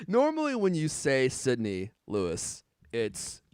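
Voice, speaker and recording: This man co-hosts a live tech podcast from a home studio on camera, chatting casually and laughing a lot as he reads out viewer comments. His mid-range voice swoops wildly in pitch, moves slowly, and has a darkish, clean tone, with studio-quality audio and no echo.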